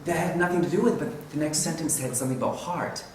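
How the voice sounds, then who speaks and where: Talking fast in a fairly high voice, a man gives a casual, rambling presentation at a teaching conference. He chuckles and frequently corrects himself. The sound from the conference room is roomy, recorded on a distant mic with a faint hiss.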